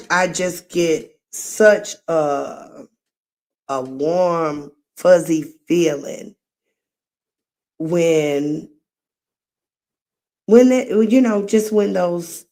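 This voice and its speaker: Her voice is on the low side and very slow. She's a middle-aged woman hosting a livestream, chatty and warm-hearted, casually telling friendly, meandering stories.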